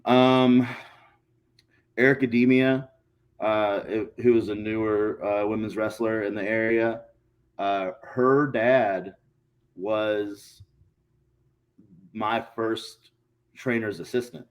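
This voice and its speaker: A man, a guest on a casual podcast, telling stories in a profane, animated way and acting out quotes. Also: fairly low pitch, takes it slowly, long pauses, clean tone. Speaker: guest, pro wrestler.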